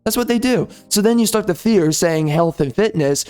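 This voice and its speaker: A man's voice: high voice, animated, moderate pace, darkish tone, clear, resonant tone, faint music behind. A man hosting a gaming commentary channel, delivering an angry, insulting political rant full of repetition.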